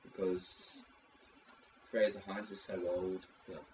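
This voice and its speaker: A man's voice: low-pitched, flat delivery, takes it slowly, darkish tone. A man co-hosting a casual podcast chat, rambling and joking as he talks. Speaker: podcast co-host. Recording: distant mic, dull sound, faint hiss.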